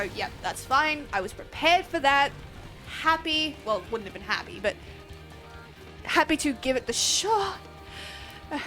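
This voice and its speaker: Excitable young woman, casual stream chat, high voice, faint game music. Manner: excitable, swearing, laughing.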